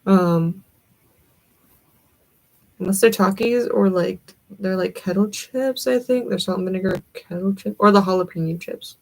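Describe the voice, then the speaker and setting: Gravelly Southern woman chatting with viewers. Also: medium pitch, a little slow, poor audio. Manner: chatty, rambling, answers chat comments. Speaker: livestream host. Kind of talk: casual chat with viewers.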